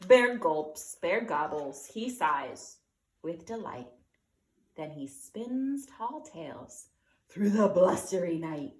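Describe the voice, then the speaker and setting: A woman teacher reading a picture book aloud, slow and expressive, with dramatic gasps. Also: lowish voice. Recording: echoey room.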